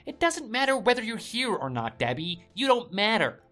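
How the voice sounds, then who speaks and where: A woman's voice: fairly high pitch, big pitch swings, moderate pace, a bit bright, soft background music. A woman voicing an arrogant, contemptuous young husband who sneers and scolds his wife. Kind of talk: story drama voice acting.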